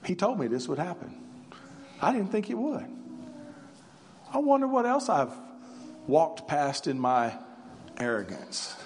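A preacher voicing Peter, anxious and stammering. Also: male voice, fairly high pitch, sing-song, a little slow, pauses often, slight background noise. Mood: remorseful. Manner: hesitant, stammering inner thoughts. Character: the apostle Peter, anxious troubled grown man.

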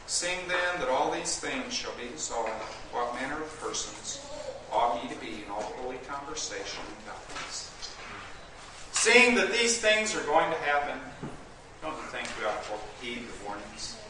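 A man preaching a fervent sermon, swinging from loud declaiming to low, intense warnings. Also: very animated, moderate pace. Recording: echoey room, far from the mic, noisy.

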